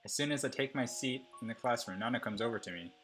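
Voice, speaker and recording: A man's voice: mid-range voice, fast, fairly bright tone, soft background music, natural voice. A man voicing an anxious, kind schoolgirl who narrates her worries from a story game in a plain voice. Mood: uneasy.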